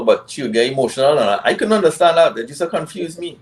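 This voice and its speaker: A man talking on a casual men's panel, relaxed and rambling with many restarts. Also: a little high, fast talker, poor audio.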